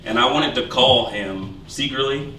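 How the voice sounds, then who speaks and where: A man in his thirties doing a stand-up comedy set on a club stage, with animated, punchy delivery. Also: medium pitch, a little slow, music in the background. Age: 30s. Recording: distant mic in a loud echoey room. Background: loud room ambience.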